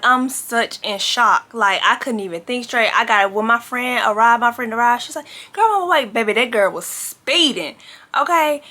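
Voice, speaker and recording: A young adult woman telling a dramatic personal story to her camera, in a lively, casual way and filling her talk with "like" and "baby". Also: fairly high pitch. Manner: animated, dramatic retelling with frequent "like" and "baby".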